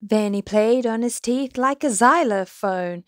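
A woman reads a children's picture book aloud, lingering over each rhyme at an unhurried pace. Her delivery is sing-song and playful, leaning into every squeak and burble. The sound is close and dry. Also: no echo. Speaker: storybook reader.

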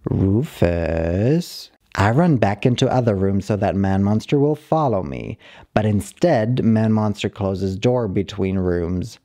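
A man calmly reading a short story aloud, narrating in the plain, halting voice of a dog. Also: on the low side. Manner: calm, measured reading of a dog's broken-English narration. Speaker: story reader.

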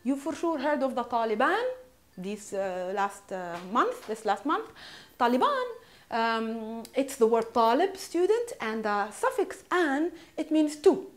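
A woman with a Palestinian Arabic accent, a native Arabic speaker, teaching Arabic vocabulary in a casual lesson, repeating words slowly and checking in with "hmm?" and "yeah?". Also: a little high, sing-song. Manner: shows objects while naming them.

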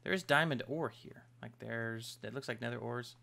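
A man giving casual let's-play commentary as host of a gaming channel, excitable, yelping and trash-talking the enemies on his screen. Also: mid-range voice, normal speed, vocal fry. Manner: excitable, yelps and trash-talks game enemies.

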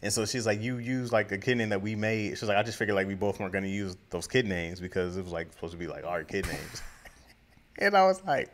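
A man's voice: sits low, fairly even intonation, fast. A man co-hosting a podcast, telling a casual story and acting out the quoted lines with frequent laughter. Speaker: podcast co-host.

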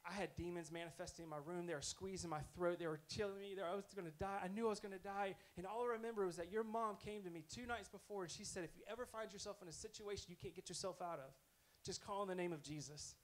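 A man voicing a frightened young girl, pitched up. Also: fairly even intonation, fast, few pauses, lightly acted. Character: frightened teenage girl in a recovery program.

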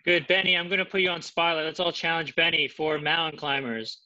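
A man's voice: fairly high pitch, steady tone, a little fast, sharp tone. A male martial arts school instructor encouraging students by name during an online class. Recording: dull lo-fi video-call audio.

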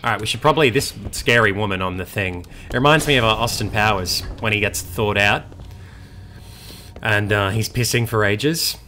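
A man's voice: lowish voice, a little fast, slight background noise. A young man giving casual, swearing let's-play commentary as a gaming YouTuber. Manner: swearing, excitable, chatty.

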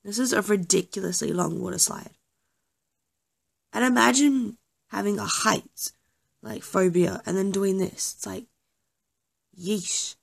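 A woman's voice: medium pitch, measured pace, vocal fry, long pauses, husky. A young woman chatting casually over gameplay, often apologizing and joking about herself. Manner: self-deprecating, apologetic, chatty. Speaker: gaming YouTuber.

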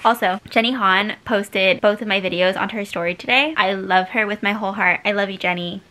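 A woman's voice: mid-range voice, fairly quick. Gushing young woman book vlogger. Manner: gushing, excited fan talk. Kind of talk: casual reading vlog.

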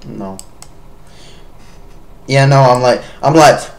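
A man chatting excitedly with friends while playing a horror game together, yelping when scared. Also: medium pitch, slow pace. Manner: excitable, yelps and shouts in panic.

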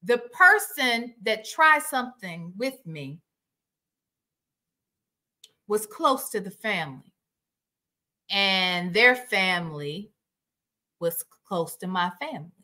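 A woman's voice: medium pitch, slow pace, long pauses. A woman hosting a casual reaction livestream, outspoken and swearing freely as she talks to her viewers. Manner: outspoken, profane, animated. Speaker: livestream host.

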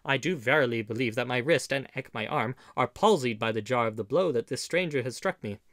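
A man's voice: medium pitch, a little fast, fairly bright tone, no room sound, studio quality, natural voice. A man voicing a bold, boisterous outlaw leader in an audiobook, speaking with hearty, emphatic old-fashioned speech. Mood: aggrieved. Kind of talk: audiobook character reading.

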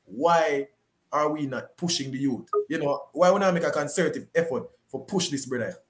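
A man's voice: fairly high pitch, expressive, moderate pace. A Jamaican man on a discussion panel, speaking with passion and repeating his points.

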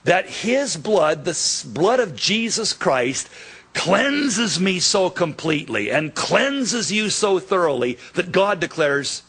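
Brief: male pastor, slow deliberate sermon, husky tone, acts out the dialogue. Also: high voice. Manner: animated preaching, acts out dialogue in quotes.

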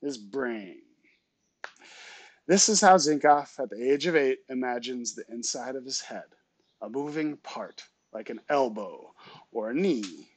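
A male teacher reading a novel aloud to his students, with relaxed, chatty asides between passages. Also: medium pitch, a little slow, no echo.

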